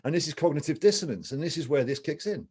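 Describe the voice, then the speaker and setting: Mellow-voiced man musing and arguing. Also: a little high, expressive, fast talker, slightly rough. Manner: musing, argumentative, swears casually. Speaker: podcast co-host. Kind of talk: casual opinionated chat.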